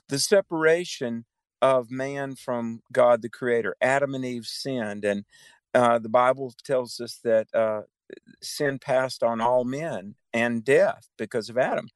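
A man's voice: medium pitch, no room sound. A man co-hosting a Bible teaching radio show, explaining theology in a fervent way and often affirming with amens.

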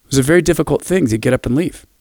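A man hosting a radio devotional, quietly telling a personal story before closing with a blessing. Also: fairly high pitch, racing, dry recording, studio quality.

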